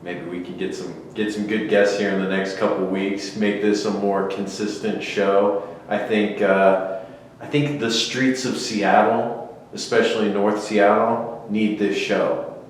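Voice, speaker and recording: A man's voice: on the low side, little pitch movement, measured pace. A man hosting a casual podcast chat, teasing his guest. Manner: joking, teasing. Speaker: podcast host. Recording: roomy echo, faint noise.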